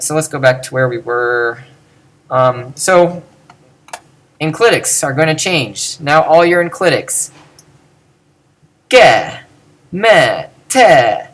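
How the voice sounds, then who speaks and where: A man's voice: medium pitch, fairly bright tone. A man lecturing in an informal, talkative way, often stopping to correct himself. He chuckles at his own points and keeps the tone loose and conversational. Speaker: teacher. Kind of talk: lecture on Greek accents.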